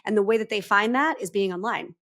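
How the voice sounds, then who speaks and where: A woman's voice: medium pitch, quick pace, a bit bright. Podcast co-host, woman, mid-range voice, casual and reflective, works through thoughts on the fly. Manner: reflective, talks things through with many fillers. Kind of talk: casual chat.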